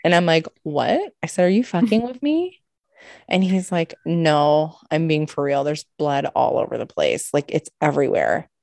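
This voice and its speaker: Low-voiced woman telling a story. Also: normal speed, creaky, few pauses, no room sound, clean studio sound. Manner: animated, swears a lot, acts out quotes. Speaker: podcast co-host. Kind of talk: casual storytelling chat.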